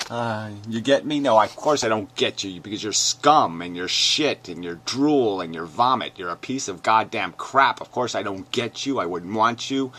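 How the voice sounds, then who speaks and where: A man ranting angrily and profanely as he reads comments aloud, mocking them in sneering voices and swinging between shouts and mutters. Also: fairly low pitch, expressive, moderate pace, hardly any pauses. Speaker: video commentator. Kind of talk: angry rant reading comments aloud.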